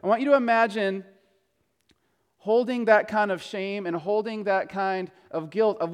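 A male pastor preaching a sermon, telling the story in a conversational way that swings between hushed and emphatic. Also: high voice, fairly even intonation, unhurried, clean tone, long reverb tail.

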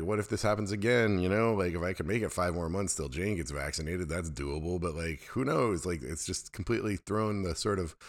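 A middle-aged American man with a very low, deep voice talks to his listeners in a relaxed solo podcast. His delivery is candid and rambling, full of asides and self-deprecating turns. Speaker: podcast host. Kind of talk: casual solo monologue.

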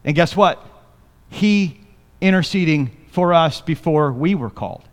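A man's voice: fairly high pitch, lively intonation, unhurried, big-room sound. A man preaching a sermon as pastor, reading scripture and joking with the congregation in a loose, conversational way. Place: church sanctuary.

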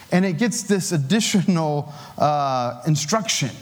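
A man delivers a sermon in a casual, talky manner, slipping in filler words and easy chuckles. His voice sits a bit higher than most men's. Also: animated, slow. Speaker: preacher.

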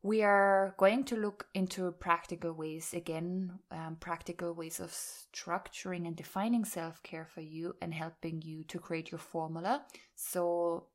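A woman's voice: lowish voice, little pitch movement, unhurried, hardly any pauses. Giggly woman hosting a self-care podcast. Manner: giggly, laughs often while talking. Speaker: podcast host. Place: rural home near fields.

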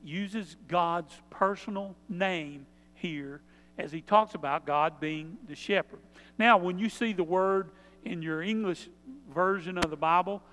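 A man's voice: high voice, fairly bright tone, big-room sound. A male pastor preaching a sermon, explaining in a plain, conversational teaching tone.

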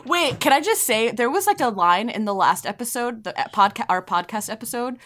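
A woman's voice: on the high side, animated, fairly quick, a bit bright. A woman co-hosting a podcast, chatting in a playful, teasing way. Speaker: podcast co-host. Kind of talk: casual chat.

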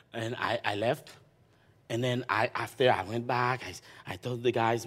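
A man, a pastor, telling a personal testimony in an animated way, restarting phrases and often ending lines with "man". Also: medium pitch. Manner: animated storyteller, halting restarts, repeats "man".

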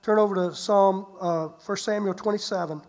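Pastor, sermon delivery: lively storyteller, loud-to-hushed swings, repeats words for emphasis. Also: medium pitch, moderate pace. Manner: repeats and restarts words while preaching.

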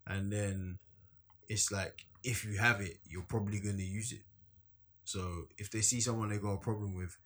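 A man's voice: lowish voice, fairly even intonation, moderate pace, a bit bright. A man talking casually on a podcast, rambling through his points with lots of fillers. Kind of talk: casual chat.

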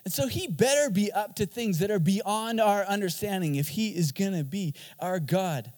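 A man with a high voice preaches with energy, mixing jokes with emphatic points. His voice rings out with a long reverb, as if in a large church hall. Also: moderate pace, darkish tone. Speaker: pastor. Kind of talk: sermon.

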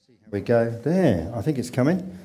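A man preaches in church, his tone chatty and warm toward the people in front of him. He stops often to put questions to the congregation. His voice carries through a microphone. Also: medium pitch, very animated, moderate pace, heavy background noise. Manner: conversational, asks the congregation questions. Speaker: pastor. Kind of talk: church sermon. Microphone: handheld microphone.

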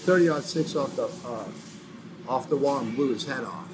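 With music playing behind him and poor audio quality, a guest musician from New Orleans tells his rambling life story in a laid-back interview. His mid-range voice moves at normal speed, and he swears freely while doing the voices of people he quotes.

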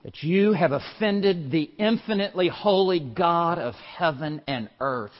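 Slow, booming preacher in a hall. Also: male voice. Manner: swings from low and hushed to loud, forceful exclamations; slow, deliberate emphasis on single words. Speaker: pastor. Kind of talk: sermon. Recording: muffled sermon recording in a large reverberant hall.

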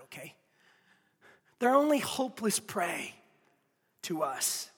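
In a big-sounding room, a pastor preaches with a high, bright, forceful voice. He is emphatic, repeats key phrases, and speaks directly to his listeners.

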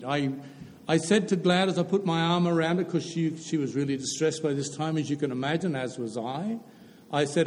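Older male preacher, earnest testimony, slightly high voice, reverberant hall. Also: moderate pace, darkish tone, slight background noise. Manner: earnest storytelling, repeats phrases for emphasis. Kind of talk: testimony sermon.

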